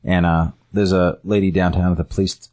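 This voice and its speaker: A man's voice: deep voice, level tone, fairly quick, a little mellow. A man casually retelling a story scene by scene, rambling with fillers and self-corrections.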